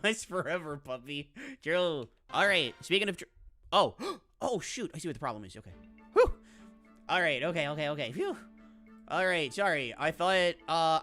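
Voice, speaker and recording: A woman's voice: deep voice, fairly bright tone. A woman streamer chatting casually with her viewers in a chatty, bubbly way. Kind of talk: casual live-stream chat.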